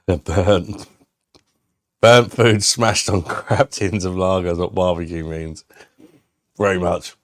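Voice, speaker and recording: Man, 30s, casual live-stream chat, blunt and sweary, very deep voice, dry close sound. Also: steady tone, slow pace, pauses often, dry recording. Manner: blunt, sweary and laughing, reads chat aloud. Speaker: beer reviewer hosting a live stream.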